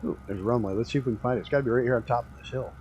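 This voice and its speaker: A man's voice: medium pitch, racing, darkish tone, dull audio, slight background noise. A man streaming a flight game, chatting casually and rambling through stories with the odd swear word. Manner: laid-back rambling storyteller, swears casually.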